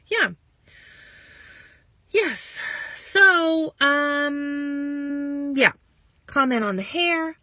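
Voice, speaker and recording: A woman in her thirties giving a bubbly, chatty motivational talk to her followers as a sales coach, acting out quick bits of dialogue. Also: fairly high pitch, animated, gravelly, bright, forceful tone, no room sound. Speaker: network marketing coach.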